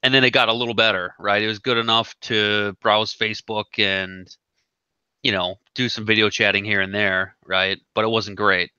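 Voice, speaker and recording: A man's voice: on the low side, flat delivery, moderate pace, sharp tone, clear, resonant tone, dry recording. A man hosting a casual chat, telling a rambling, profane story. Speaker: podcast host. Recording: dull lo-fi sound.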